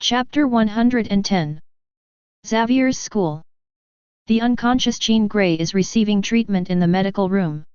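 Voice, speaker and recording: A woman reading a fanfiction audiobook in a steady storytelling manner. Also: medium pitch, unhurried, smooth, no echo. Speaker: audiobook narrator. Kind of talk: scripted narration. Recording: dry, dull lo-fi recording.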